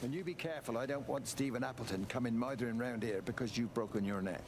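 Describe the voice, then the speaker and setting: An actor playing a blunt, bossy rural farmer in a video game. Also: male voice, medium pitch, fast, close to an everyday voice. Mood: brusque. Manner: brusque, bossy. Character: blunt gruff rural English farmer, middle-aged man. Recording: game audio heard from off, noisy outdoor ambience.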